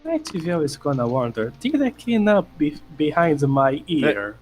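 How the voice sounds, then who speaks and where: A man's voice: fairly high pitch, sing-song, moderate pace, faint music behind. A man playing a tabletop game, making casual, joking remarks. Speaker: player.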